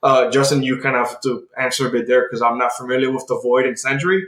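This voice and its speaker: A man's voice: medium pitch, fairly even intonation, fast talker, a bit bright. A man co-hosting a podcast, eagerly recapping a comic plot in casual chat, full of "like" and restarts. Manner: rambling comic recap, heavy use of "like". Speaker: podcast co-host. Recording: roomy echo.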